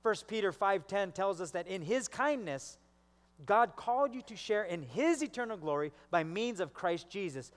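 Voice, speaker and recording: A male pastor delivering a sermon with a fairly high voice, and he slips into the voices of the people in his stories. His words carry a long reverb from the church hall. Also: expressive, moderate pace. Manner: storytelling, acts out quoted voices.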